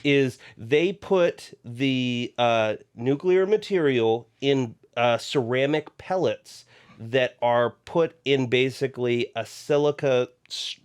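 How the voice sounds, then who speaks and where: A man on a podcast explaining his view in an earnest, halting way, often restarting his sentences. He speaks at an unhurried pace. His voice has an ordinary middle pitch. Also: a little mellow, clean tone. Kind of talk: casual podcast chat.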